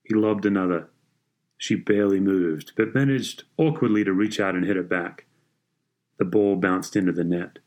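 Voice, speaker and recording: A man reading a story aloud in a measured, even way. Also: sits low. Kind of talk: scripted story narration.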